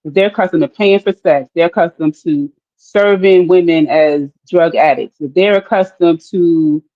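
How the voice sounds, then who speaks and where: A woman's voice: fairly low pitch, moderate pace. A woman on a discussion panel, talking animatedly with many fillers and acting out quoted voices. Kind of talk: casual debate. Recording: dull lo-fi audio.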